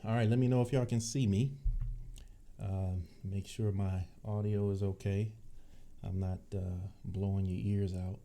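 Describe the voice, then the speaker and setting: A man from Cleveland hosting a casual livestream for his tech channel, chatty and laid-back with a deep, bassy voice and frequent laughs. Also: level tone, measured pace, mellow, a little hiss or hum. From Cleveland, Ohio. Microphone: desk microphone.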